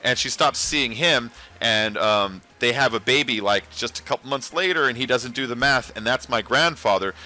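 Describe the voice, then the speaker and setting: A man's voice: mid-range voice, moderate pace, hardly any pauses, sharp tone. A man hosting a casual livestream, rambling and talking back to his chat. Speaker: livestream host.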